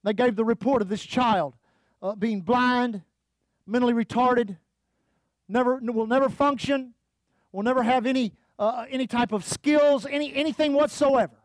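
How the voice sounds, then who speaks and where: A man's voice: very high-pitched, normal speed, no room sound. A man preaching a fervent sermon, calling out to the congregation and reading scripture aloud. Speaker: pastor.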